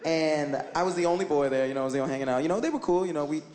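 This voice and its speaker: A man doing a stand-up comedy set, animated and swooping into high exclamations, on a stage before a live audience. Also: racing. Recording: echoey live room, loud audience ambience.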